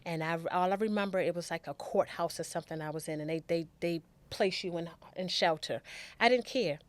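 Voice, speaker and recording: A woman's voice: fairly low pitch, fairly quick. A middle-aged woman, a show's guest, candidly telling her own life story in a heartfelt way.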